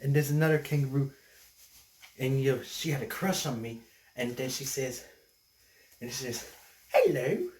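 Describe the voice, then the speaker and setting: A man telling a rambling comic story as a stand-up comedian, halting with many restarts. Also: medium pitch, steady tone. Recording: echoey room, mic at a distance.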